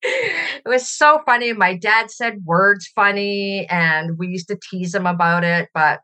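A woman's voice: medium pitch, measured pace. A middle-aged woman from Canada, a podcast guest speaking reflectively in a conversational interview. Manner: reflective and warm, laughs while telling stories.

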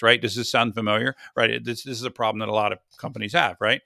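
Podcast host, man, gravelly and bright, rambling conversational delivery. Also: medium pitch, brisk, hardly any pauses, no echo, clean studio sound. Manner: rambling, self-correcting, chatty. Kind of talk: casual tech podcast chat.

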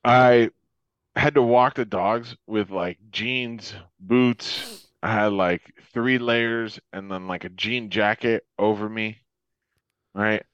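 A man's voice: on the low side, steady tone, slow pace, fairly bright tone, no echo. A man from Florida chatting casually as a podcast co-host, rambling, swearing freely and laughing often. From Florida, USA. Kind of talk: casual chat. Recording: dull lo-fi sound.

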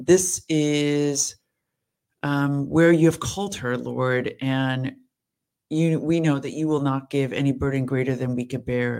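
A woman co-hosting a faith podcast, laughing and teasing in casual chat and leading an earnest spoken prayer. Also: very deep voice. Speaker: podcast co-host.

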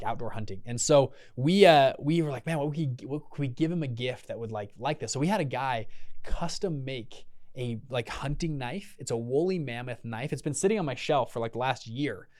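A man's voice: mid-range voice, fairly quick. A young man hosting a podcast, telling a story casually and animatedly, acting out the voices of the people in it. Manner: animated, acts out quoted voices. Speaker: podcast host.

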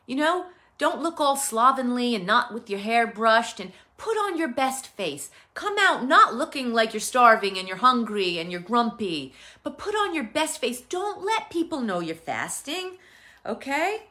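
A woman gives a Bible teaching in a relaxed, chatty way, pausing on fillers and restarting her sentences. Her voice is bright and rather high, and her pitch swings widely as she talks. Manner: conversational, with many fillers and restarts. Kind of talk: casual teaching sermon.

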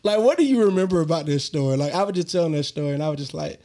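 A man's voice: fairly high pitch, rapid-fire. Laughing man telling stories. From Georgia, US. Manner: animated, laughs often, slangy and profane. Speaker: podcast host. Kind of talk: casual storytelling.

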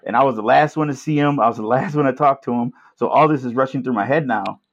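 A man's voice: medium pitch, fast talker. A man from Milwaukee, a podcast guest, telling a personal story in a laid-back way, saying "bro" and "like" often. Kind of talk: casual storytelling. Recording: dull lo-fi sound.

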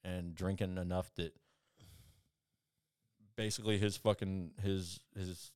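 Deep, flat, and unhurried, this man's voice is a little mellow and clean, captured on a dry, clean studio recording. He's a podcast guest telling meandering stories, swearing often and restarting his sentences. Quoted people get acted out with large jumps in voice.

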